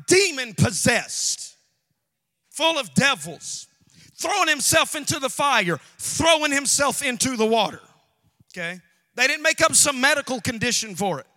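A man preaching with fiery intensity, his high, bright voice climbing into shouts and then dropping to hushed asides. He delivers a sermon from the pulpit of a church, with a sharp, ringing edge. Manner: impassioned preaching, swings from shouts to quiet asides. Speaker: pastor. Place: church sanctuary.

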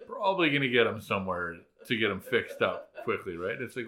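A man in casual chat recapping a TV episode, animated and acting out characters' lines. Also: on the low side, fast talker. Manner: animated, acts out lines in put-on voices.

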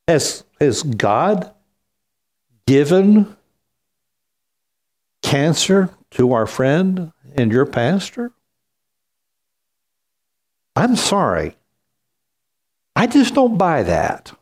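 A man preaching a sermon as pastor, slow and emphatic, with wide swings in pitch. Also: very animated, slightly rough.

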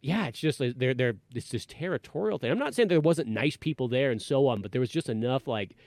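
A man co-hosting a podcast who rambles quickly from one thought to the next. His voice sits in a middle pitch, recorded close with no room sound. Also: lively intonation, vocal fry, darkish tone, no echo. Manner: rambling, conversational. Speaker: podcast co-host. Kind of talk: casual chat.

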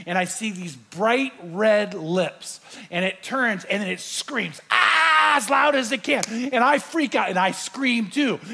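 A man's voice: high-pitched, fairly bright tone, husky. A man preaching to a large live audience, telling a story animatedly and acting out his own fright. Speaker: pastor. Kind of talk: sermon with storytelling.

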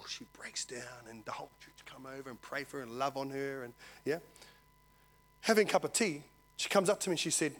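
A man's voice: medium pitch, brisk. A male pastor, preaching a sermon to his church, telling a story and acting out the voices in it. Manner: animated storytelling, acts out dialogue, asks congregation "Amen?".

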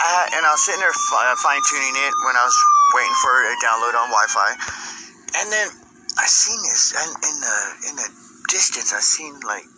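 A man telling a rambling, profane comic story, animated and laughing at his own jokes. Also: medium pitch, brisk, noisy background. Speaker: comedic storyteller.

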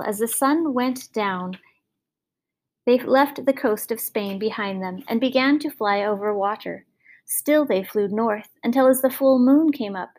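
A woman narrating a storybook fairy tale in an expressive, measured reading. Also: a little high.

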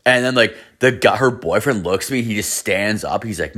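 A man's voice: fairly low pitch, normal speed, sharp tone. A man hosting a podcast, telling a rambling story with lots of swearing and fillers. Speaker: podcast host. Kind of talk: casual storytelling.

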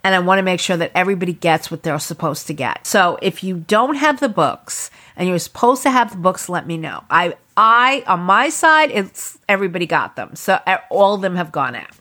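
A woman's voice: fairly low pitch, animated, moderate pace, hardly any pauses, sharp tone. A middle-aged woman hosting her own podcast, talking alone in a chatty, rambling, frank way. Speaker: podcast host. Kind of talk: casual solo podcast talk.

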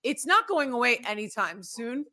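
A woman hosting a casual interview, speaking haltingly with frequent restarts. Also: a little high, big pitch swings, bright, forceful tone. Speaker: host.

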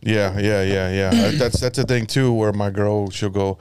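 A man in casual crude conversation, animated, often mimicking other voices mockingly and laughing. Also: lowish voice, moderate pace, clear, resonant tone, no echo.

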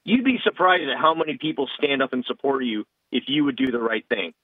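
A man's voice: mid-range voice, lively intonation, brisk, no room sound. A male podcast co-host talking politics casually, emphatic and rambling, on tinny phone-like audio.

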